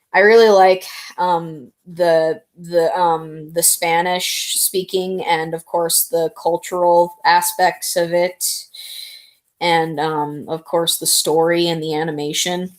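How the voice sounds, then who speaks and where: A woman's voice: on the low side, little pitch movement, unhurried. A woman streamer chatting casually, rambling and answering her viewers. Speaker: live streamer. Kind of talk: casual live stream chat.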